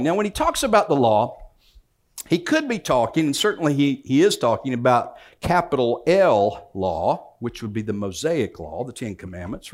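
A man preaching a sermon, reading scripture aloud and then explaining it in a conversational way with joking asides. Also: mid-range voice. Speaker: pastor.

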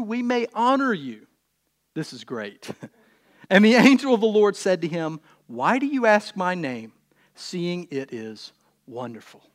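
A man, preaching a sermon as pastor, reading scripture and adding joking, conversational asides with animated bursts. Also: sits high. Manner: conversational and humorous, with animated bursts when retelling.

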